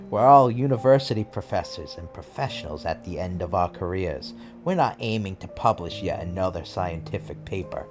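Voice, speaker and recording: Streamer putting on a Boston professor, formal and cordial, lowish male voice, faint music behind. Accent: Boston (put on). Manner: polished, formal, slightly pompous.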